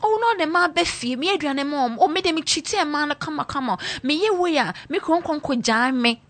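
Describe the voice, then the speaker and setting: A woman's voice: lively intonation, a little fast, a bit bright. Woman doing a whiny, wailing wife. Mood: wailing lament. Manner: whiny sing-song lament, high and pleading. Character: wailing long-suffering wife clinging to a cheating husband.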